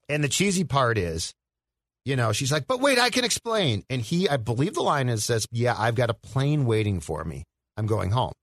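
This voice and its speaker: A man's voice: fairly high pitch, fairly bright tone, no room sound, clean studio sound. A man co-hosting a movie podcast, sarcastically retelling scenes in casual chat. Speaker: podcast co-host.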